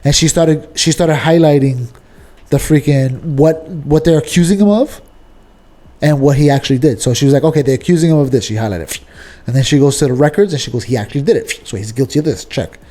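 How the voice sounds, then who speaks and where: A man with a New York accent, co-hosting a casual podcast debate, arguing his point, often clearing his throat and restarting sentences. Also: a little high, brisk, dark tone. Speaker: podcast co-host.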